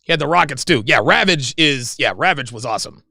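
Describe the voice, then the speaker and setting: Animated gravelly-voiced man host. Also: a little high, fairly quick, dry recording, clean studio sound. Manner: animated, rambling, excitable. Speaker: livestream host. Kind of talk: casual livestream chat.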